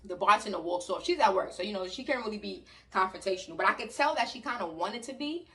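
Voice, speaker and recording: A woman from New York with a New York accent, telling a story in an animated, loud and slangy way and talking to her viewers. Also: mid-range voice, quick pace. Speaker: vlogger. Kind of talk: storytime vlog. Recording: voice a bit distant from the mic.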